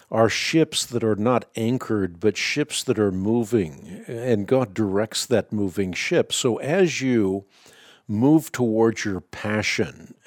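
A man hosting a call-in radio show, answering a caller's Bible questions in a measured, emphatic teaching tone. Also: on the low side, a little mellow, no echo, studio quality. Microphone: studio microphone.

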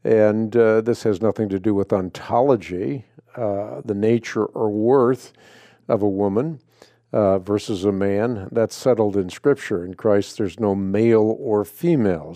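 A man hosting a radio call-in show, speaking in a measured, deliberate way with frequent filler sounds. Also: lowish voice, dark tone, dry recording.

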